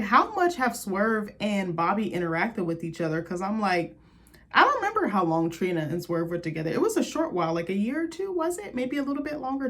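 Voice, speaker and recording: A young woman chatting casually and sassily as she recaps a reality show, animated and opinionated, with quick asides. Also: mid-range voice.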